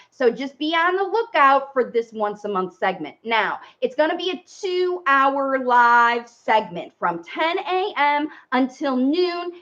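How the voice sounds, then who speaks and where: A woman's voice: high-pitched, a bit bright, lo-fi sound. A woman parent coach giving a chatty live-stream talk, speaking directly to viewers and walking them through steps. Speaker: parent coach and speech facilitator.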